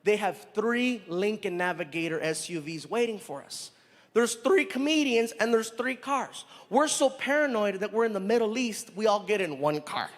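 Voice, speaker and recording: A male stand-up comedian telling an animated story on stage with a handheld mic, acting out other people's voices. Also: sits high, normal speed. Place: large theater on stage. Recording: long hall reverb, audience noise.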